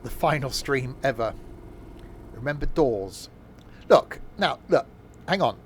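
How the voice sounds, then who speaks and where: A hoarse man chatting casually as he streams a train game, rambling with plenty of fillers and self-corrections. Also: mid-range voice, animated, takes it slowly, slight background noise. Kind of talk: casual live-stream commentary.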